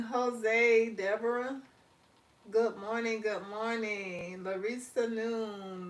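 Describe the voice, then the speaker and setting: Recorded from a distance, a livestream host with a somewhat high, steady voice reads viewers' comments aloud in a relaxed way. She laughs often and stretches her words slowly, ending on a warm, encouraging spiritual note.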